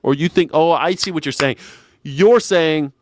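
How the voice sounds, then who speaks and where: A man's voice: fairly high pitch, measured pace, dry recording, studio quality. A man in his forties hosting a casual livestream, sarcastic and rambling as he argues with his chat from home. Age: 40s. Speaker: streamer host. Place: home in Southern California.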